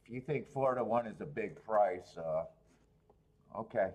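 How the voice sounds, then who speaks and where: A man hosting a horse racing betting livestream, thinking aloud through the odds and cracking himself up with loud bursts of laughter. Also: lowish voice, lively intonation, measured pace, pauses often. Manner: thinks aloud, laughs at his own jokes; loud bursts when amused. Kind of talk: casual livestream handicapping commentary.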